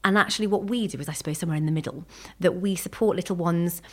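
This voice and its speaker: A woman's voice: on the low side, quick pace. A woman sleep consultant and parent, explaining in a chatty, evidence-focused way in a podcast interview. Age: adult parent.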